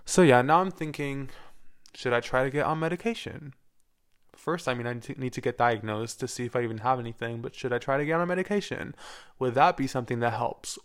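A man in his twenties talking casually on his own podcast, rambling and candid, with lots of fillers and the odd swear word. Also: mid-range voice. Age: 20s. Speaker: podcast host; university music student. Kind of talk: casual solo podcast chat.

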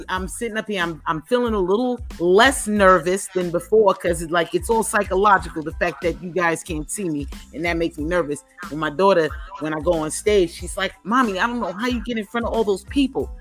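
A woman hosting a comedy podcast, telling brash, profane stories in a loud, animated stand-up style. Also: on the low side, normal speed, faint music behind. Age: adult with children. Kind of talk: stand-up style comic monologue.

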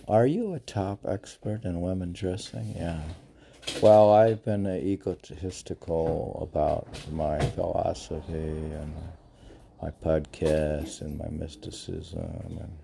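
A podcast host casually reads poetry aloud, poking fun at himself as he argues back and forth with his own questions. His deep voice is slow and dark, with vocal fry and a faint hiss or hum in the background.

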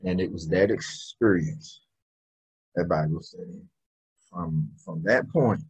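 Husky middle-aged man telling his story. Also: low-pitched, slow, low-quality recording. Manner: emphatic, earnest storytelling with bursts of laughter. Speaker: motivational speaker and founder, interview guest. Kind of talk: personal storytelling interview.

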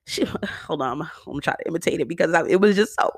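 A woman talking casually and animatedly in a solo monologue, slangy and quick to laugh, with features. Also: low-pitched, expressive, dry recording, studio quality.

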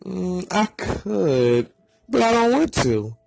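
A man voicing an excitable, cocky teenage boy who yells when he is thrilled, with a husky edge to his voice. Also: high-pitched, takes it slowly, faint music behind, voice pushed up, full character voice. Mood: teasing. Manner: loud, excited yelling.

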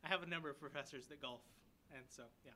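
A man's voice: a little high, fast talker, bright, forceful tone, echoey room, rough recording. A young man preaching a conversational sermon, mixing self-deprecating asides with emphatic questions to the congregation. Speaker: church member preaching.

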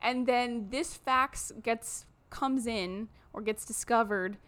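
Speaking slowly in a voice on the high side, this podcast co-host recaps a film through animated, joking storytelling. She keeps it casual and throws in some swearing.

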